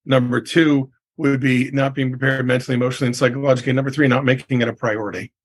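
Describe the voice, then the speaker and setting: Husky emphatic middle-aged man. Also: mid-range voice, little pitch movement, quick pace. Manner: emphatic, leans on "I mean" and "right?". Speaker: real estate coach, guest. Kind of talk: casual podcast interview.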